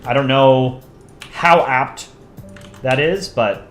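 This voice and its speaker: Male streamer, casual and chatty mid-drawing; echoey room, soft music underneath. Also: medium pitch, slow pace. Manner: relaxed, chatty, thinking aloud while drawing, reads chat requests. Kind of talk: casual live-stream chat while drawing.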